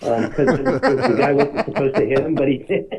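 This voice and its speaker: A man's voice: a little high, big pitch swings, a little slow, over a noisy crowd. A man co-hosting a casual podcast about film music, laid-back and chuckling, with dry teasing asides. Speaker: podcast co-host. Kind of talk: casual film soundtrack chat. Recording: husky voice over a tinny phone-like line.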